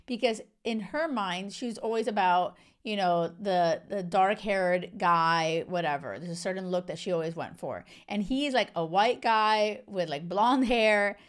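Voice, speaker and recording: A woman's voice: mid-range voice, animated, measured pace. Effusive, chatty woman host. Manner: effusive, chatty, many fillers and restarts. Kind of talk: casual commentary on a reality show. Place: lives in Spain.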